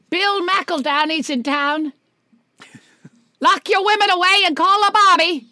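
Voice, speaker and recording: Lady doing a big loud fake cockney voice, high and bright, hammy and over the top. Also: takes it slowly, pauses often, dry recording, clean studio sound, full character voice. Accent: put-on Cockney. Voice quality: loud and exaggerated. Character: hammy mock-Cockney woman.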